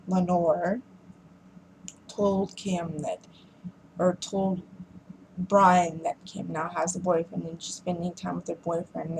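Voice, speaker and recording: Woman, lowish voice, casual rant, rambling, frustrated, faint hiss behind. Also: rough recording. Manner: frustrated, rambling, many fillers and restarts. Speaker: vlogger reviewing a film.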